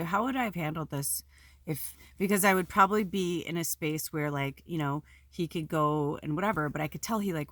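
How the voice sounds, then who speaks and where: A woman with a low, deep-set voice talks candidly to her viewers, rambling and emotional, with frequent fillers and the odd swear word. The sound is dry and close, with no room around it. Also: fairly bright tone, dry recording. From Pacific Northwest United States. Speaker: spiritual video host. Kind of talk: casual personal vlog talk. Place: at home.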